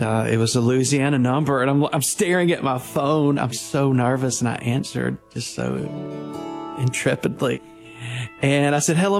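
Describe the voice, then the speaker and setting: A man in his fifties, a minister, telling his own story in a heartfelt, halting way with frequent restarts. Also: mid-range voice, creaky, a little mellow. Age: 50s. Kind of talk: personal storytelling.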